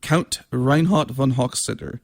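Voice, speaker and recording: A haughty, ominous aristocratic count, as a man reads him aloud. He speaks in a casual but mocking way, with a gravelly, creaky voice. The pace is slow and deliberate. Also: mid-range voice, darkish tone, no room sound, studio quality.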